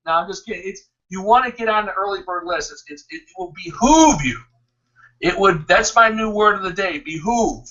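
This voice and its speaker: Hyped rambling man pitching, distant and dull. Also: moderate pace, a bit bright. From Ohio. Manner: hyped, rambling, laughs a lot, restarts. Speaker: network marketing promoter. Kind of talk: excited promotional pitch.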